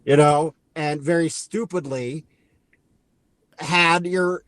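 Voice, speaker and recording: A man's voice: fairly high pitch, steady tone, dry recording. A man co-hosting a podcast, casually recapping a movie in a rambling way and acting out lines as he goes. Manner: rambling, acts out lines with quick asides. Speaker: podcast co-host.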